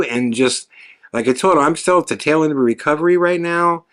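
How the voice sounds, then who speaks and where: A man hosting a podcast, telling a story in a casual, animated way, swearing freely and jumping his voice up when he quotes himself. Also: a little high, brisk. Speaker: podcast host and filmmaker.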